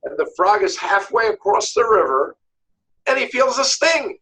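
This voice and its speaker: Animated New York man, lively pitch. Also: moderate pace, poor audio. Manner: lively, acts out quoted voices, repeats words when searching. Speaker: divorce lawyer interviewed as guest. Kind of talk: animated storytelling interview.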